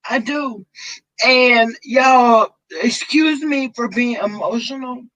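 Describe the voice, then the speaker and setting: A woman speaks in a slow, heartfelt way on a livestream. She is tearful and effusive, lingering over her words. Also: fairly high pitch, a bit bright, highs cut off. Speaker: vlogger host. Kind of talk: emotional livestream chat.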